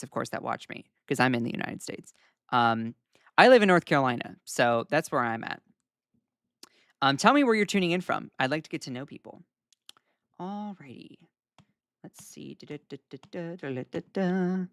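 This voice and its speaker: A young man hosting casual live-stream news commentary, chatty and animated as he reacts to viewer comments. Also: on the high side, no room sound, clean studio sound.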